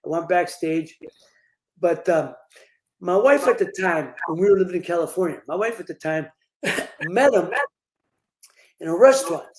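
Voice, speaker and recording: A man's voice: sits high, animated, moderate pace, long pauses, darkish tone, reverberant, poor audio. A man in his sixties from Ohio, telling stories as a guest in a live interview, rambling with many fillers and restarts. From Ohio, USA. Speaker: interview guest, former boxer.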